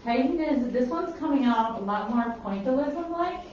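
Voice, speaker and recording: A woman's voice: sits high, lively intonation, moderate pace, a little mellow. Minnesotan woman chatting from across a roomy studio. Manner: rambling, chatty, laughs at herself. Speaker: pet portrait artist. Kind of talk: casual chat while painting. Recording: roomy, distant, slightly dull.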